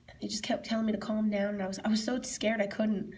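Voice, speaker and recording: A woman answering interview questions, telling a personal memory in a halting way, repeating herself and often dropping to a soft, whispery voice. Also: a little high, fairly even intonation. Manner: halting, repeats herself, quotes her own past words loudly.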